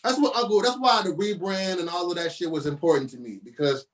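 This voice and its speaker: A man speaking as a podcast guest, his voice sitting high for a man. He talks in loose, profane slang and hammers his points by saying them again and again. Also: fairly quick. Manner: emphatic, repeats phrases, slangy and profane. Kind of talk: casual chat.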